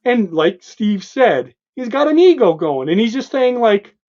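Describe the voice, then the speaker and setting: A male co-host in an excited comic book discussion, emphatic and animated, pointing out panel after panel. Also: high-pitched, a little slow. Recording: dull lo-fi sound.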